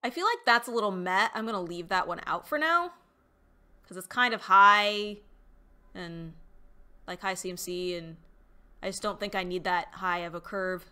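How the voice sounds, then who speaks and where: A woman streamer with a bright, lifted tone talks easily with her viewers. She thinks aloud as she goes, trailing off with fillers and reading out chat messages. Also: mid-range voice, animated, moderate pace. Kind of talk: casual live-stream chat while deckbuilding.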